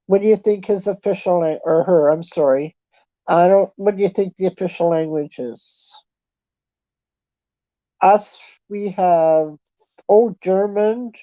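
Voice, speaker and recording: A Canadian woman in a casual chat, talking in a chatty, self-deprecating way and thinking out loud. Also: on the low side, measured pace, long pauses, no echo. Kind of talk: casual chat with online viewers. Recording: dull lo-fi sound.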